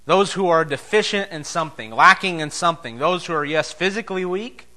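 A man preaching a sermon as pastor, emphatic, swinging between loud declarations and soft, low asides. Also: brisk.

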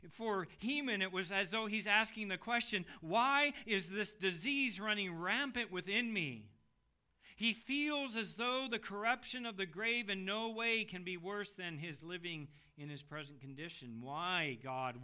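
A middle-aged male preacher with a very bright, forceful tone and a slightly high voice. He preaches with drama, rising into loud, pleading passages and then dropping into hushed, low readings of scripture. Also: unhurried, clean tone. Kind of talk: expository sermon.

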